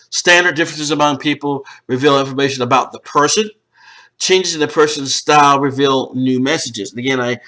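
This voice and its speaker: A male college lecturer explaining slides, pausing often on "uh" and restarting phrases. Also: mid-range voice, sharp tone, low-quality recording. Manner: explanatory, with frequent "uh" fillers and restarts. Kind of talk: recorded lecture over slides.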